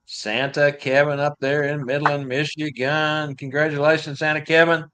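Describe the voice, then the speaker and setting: A man's voice: fairly high pitch, little pitch movement, normal speed, fairly bright tone, slight background noise. A man with a Texas drawl hosting a live stream in a good-humored way, laughing at his own mistakes. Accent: Texan. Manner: good-humored, chuckling at himself. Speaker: host. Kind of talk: casual live-stream talk.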